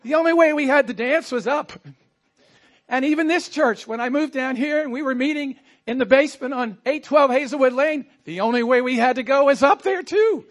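A man's voice: very high voice, fairly quick. A man preaching a sermon as a pastor, telling stories animatedly and acting out quoted asides. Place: church.

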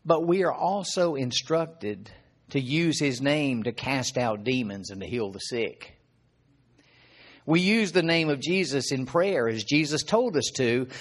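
A middle-aged man giving an informal sermon, speaking conversationally, asking rhetorical questions and clearing his throat often. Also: mid-range voice. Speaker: preacher.

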